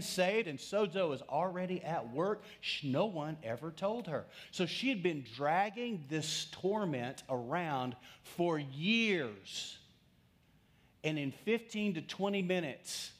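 A middle-aged male pastor preaching a sermon, telling a story and putting questions to his congregation. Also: fairly high pitch.

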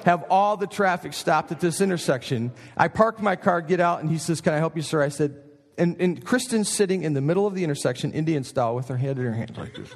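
Middle-aged pastor, high-ish voice, lively sermon storytelling in an echoing chapel. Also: male voice, a little fast. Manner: animated storytelling with frequent asides to listeners. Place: college chapel. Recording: long chapel reverb.

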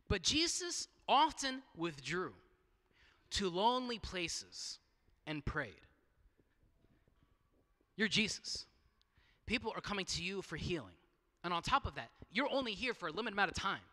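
High bright-voiced preacher in a reverberant hall. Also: male voice, sing-song, a little slow, long pauses. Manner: conversational preaching with rhetorical questions and frequent restarts. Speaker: pastor. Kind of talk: sermon.

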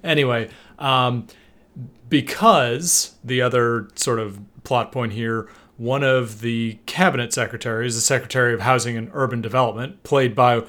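Male podcast co-host, mid-pitched, rambling and profane, recapping a show casually. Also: fairly even intonation, normal speed, fairly bright tone. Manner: rambling, profane, mimics characters with raised pitch.

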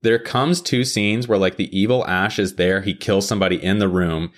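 A fired-up man hosts a podcast in a loose, profane rant. His usual voice sits a little low, but he keeps leaping into shrill, exasperated mock quotes as he picks a story apart. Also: moderate pace. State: hyped up. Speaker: podcast host. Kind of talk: casual ranting show recap.

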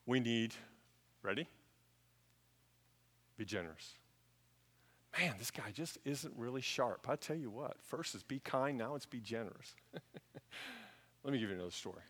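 Middle-aged male pastor, bright tense tone, storytelling sermon delivery. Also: mid-range voice, sing-song, unhurried, pauses often, breathy edge, big-room sound. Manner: storytelling, swings from hushed to loud.

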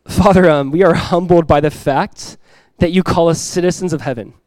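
A man's voice: fairly high pitch, normal speed, no room sound, low-quality recording. Earnest middle-aged male pastor preaching. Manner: earnest, direct, repeats key lines to the congregation; acts out everyday voices with lively emphasis. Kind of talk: sermon. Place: church sanctuary.

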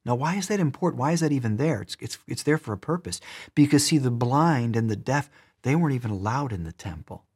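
Husky-voiced man preaching a sermon. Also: mid-range voice, animated, quick pace. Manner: emphatic, repeats words, shifts between loud and soft.

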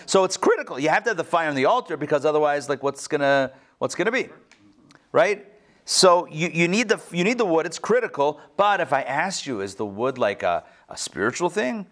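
Lively man teaching a class. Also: fairly high pitch, fairly quick. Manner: lively, asks the group questions, joking asides. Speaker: teacher leading a text study class. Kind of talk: casual interactive teaching.

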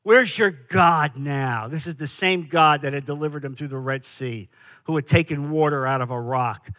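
A man's voice: a little high, steady tone, brisk, fairly bright tone. A man preaching a sermon as pastor, emphatic, with rhetorical questions and repeated phrases.

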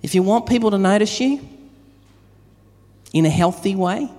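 A man's voice: sits high, normal speed, pauses often, warm tone. A man preaching a sermon in a conversational way, telling everyday stories to his congregation. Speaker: pastor. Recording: long reverb of a large hall.

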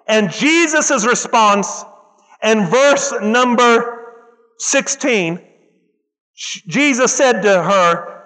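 A man's voice: very high voice, lively intonation, very slow, pauses often, sharp tone, in a large hall, poor audio. A man preaching a sermon, stressing points by repeating phrases and calling out to the congregation. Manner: emphatic, repeats phrases for effect, calls out to the congregation.

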